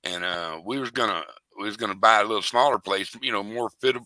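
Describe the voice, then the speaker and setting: A man's voice: fairly low pitch, a little fast, sharp tone, no echo. An older man telling rambling, folksy, profane stories in a casual interview. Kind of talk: casual storytelling.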